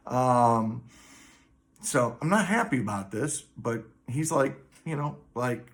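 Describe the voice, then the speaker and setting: A man's voice: mid-range voice, unhurried, vocal fry, a little hiss or hum. Male vlogger, casual storyteller, loose and profane, heavy on the ums. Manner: rambling, profane, many fillers.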